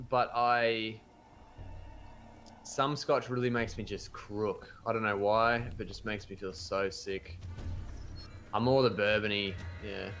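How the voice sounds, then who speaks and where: A man's voice: lowish voice, fairly bright tone. A young Australian man chatting casually with his viewers while he streams a game, rambling and correcting himself as he goes. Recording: game music playing behind.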